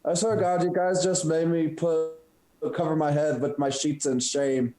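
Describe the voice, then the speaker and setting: A man's voice: fairly high pitch, fairly even intonation, moderate pace, warm tone, roomy sound, low-quality recording. A man chatting sheepishly on a live video call from his bedroom, laughing as he talks.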